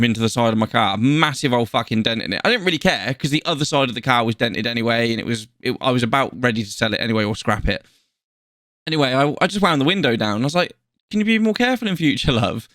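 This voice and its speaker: A man's voice: mid-range voice, fast talker, fairly bright tone, dry recording, clean studio sound. A man telling a blunt, sweary story. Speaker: podcast co-host. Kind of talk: casual chat.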